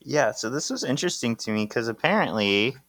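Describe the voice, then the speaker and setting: A man's voice: mid-range voice, expressive, a little fast, a bit bright, no echo. A man co-hosting a podcast, casually recapping a comic and acting out the characters' lines in playful voices. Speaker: podcast co-host.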